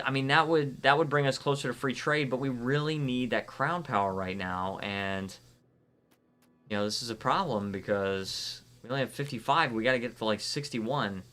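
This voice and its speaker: A man's voice: medium pitch, fairly bright tone. Chatty man streaming a game. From Florida, United States. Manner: chatty, rambling, reacts to viewer chat. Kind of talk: casual live-stream commentary.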